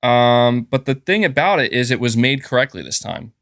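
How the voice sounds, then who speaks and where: Male streamer, casual rambling host, mid pitch, slight sore throat, dry recording. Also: big pitch swings, normal speed, fairly bright tone, dry recording. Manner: rambling, chatty, thanks viewers for gifts. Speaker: gaming channel host. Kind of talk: casual livestream chat.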